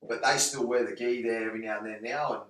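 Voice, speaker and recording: An English-accented man talks fast and forcefully in a casual podcast chat, tripping over his restarts as he makes his point. His voice has a bright, hard edge. He sounds set back from the mic in an echoey room. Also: medium pitch, fairly even intonation, far from the mic. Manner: rapid, emphatic, many restarts and swearing. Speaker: guest, MMA gym owner and coach.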